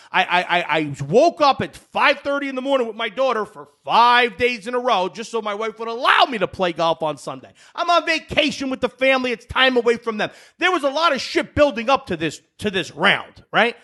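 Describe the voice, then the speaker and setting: A man in his thirties from New Jersey, co-hosting a podcast and telling a story in casual chat, loud and animated with bursts of shouting. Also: very high voice. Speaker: podcast co-host.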